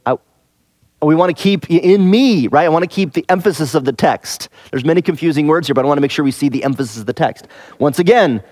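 This Bible teacher talks fast in a fairly high but darkish voice, recorded dry at studio quality. He walks through the passage verse by verse in a conversational way, asking rhetorical questions and hammering key phrases through repetition.

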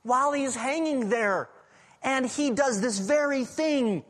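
A male pastor preaching a sermon, swinging between loud urgent passages and hushed, near-whispered lines. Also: extremely high pitch, slow. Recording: preaching in a large reverberant hall.

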